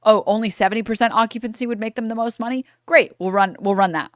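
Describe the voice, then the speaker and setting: A woman's voice: fairly high pitch, fast, dry recording, clean studio sound. Ranting, swearing young woman streamer. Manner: ranting, profane, with bursts of laughter. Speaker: streamer reacting to a clip. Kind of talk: angry reaction commentary.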